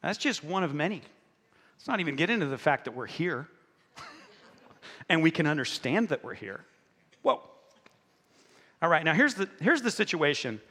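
In an echoing church hall, a man gives a sermon, addressing the congregation directly with animated humor. He pastors with a rather high voice at a moderate pace, pausing often, recorded live.

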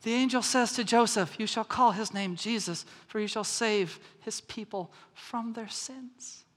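A man preaching a sermon as pastor, animated, moving from soft earnest passages to loud storytelling. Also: sits high, unhurried. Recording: reverberant hall.

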